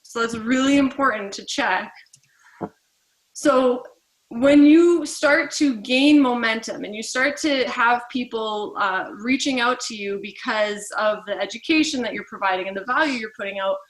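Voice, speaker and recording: A woman leads a casual training session with a bright, clear voice pitched a little high. She talks in a chatty, lively way and keeps slipping into quick acted-out exchanges. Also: rough recording. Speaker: team trainer.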